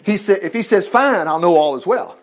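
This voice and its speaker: An anxious young man on the run pleads earnestly with his friend, as a male Bible teacher reads his part. He sounds urgent and sincere, with a slightly high voice. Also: expressive, brisk.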